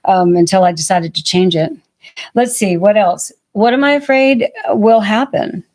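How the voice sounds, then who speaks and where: A woman co-hosting a podcast in relaxed casual chat, talking through a list of prompts. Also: medium pitch, normal speed. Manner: relaxed, talks through lists of prompts, uses fillers like "you know". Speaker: podcast co-host.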